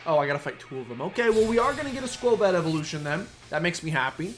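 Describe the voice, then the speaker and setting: A man's voice: fairly high pitch, big pitch swings, racing, hardly any pauses. A man giving casual, playful commentary while playing a video game, chatting and muttering asides. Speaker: let's play streamer. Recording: faint game music behind.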